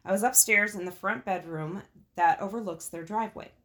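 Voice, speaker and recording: A woman's voice: medium pitch, fairly quick. A woman hosting a casual talk show, reading out listener stories and reacting with frank swearing and laughter. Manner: expressive, swears freely, laughs at her own jokes.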